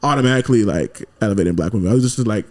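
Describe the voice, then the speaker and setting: A man talking as a podcast guest in a relaxed, rambling way, leaning on lots of filler words. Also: fairly low pitch, rapid-fire. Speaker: interview guest, singer and composer. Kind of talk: casual podcast conversation.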